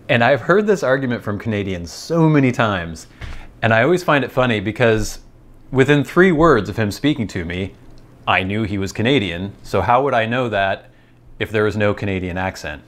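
Hosting his channel, this man from the United States speaks in a fairly bright, lowish voice. He rambles casually, wandering off on tangents in a chatty, amused manner.

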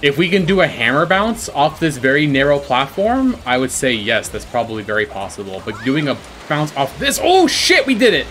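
Excitable gamer man, pitch leaps wildly. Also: normal speed, few pauses, slight background noise. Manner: swings from calm explaining to shrieking panic and laughter; swears a lot, boasts jokingly. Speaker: gaming YouTuber. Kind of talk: excited gameplay commentary.

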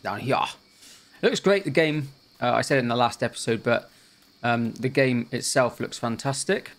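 A man's voice: medium pitch, moderate pace. A man hosting a gaming channel, chatting through a let's play in an easygoing way and thinking aloud as he goes.

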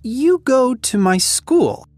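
A woman's voice: high voice, very animated, slow, dry recording, pitched above the performer's own voice, heavily acted. A woman voicing an eager, cheerful teenage girl who lives next door, in a storybook reading. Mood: curious. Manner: bright, cheerful, talkative.

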